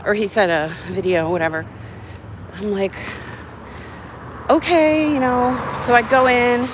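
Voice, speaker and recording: A woman's voice: a little high, fairly even intonation, measured pace, noisy background. A woman telling a story on a livestream outdoors, out of breath and chatty, acting out the other people's lines as she goes. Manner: chatty, acts out quoted voices. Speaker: live-streamer. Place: outdoors on a hot city street.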